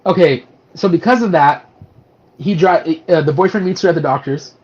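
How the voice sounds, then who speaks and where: A man's voice: a little high, moderate pace, a little mellow, dull audio. A man co-hosting a casual movie review podcast, animatedly retelling scenes with acted-out quotes and lots of fillers. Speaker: podcast co-host.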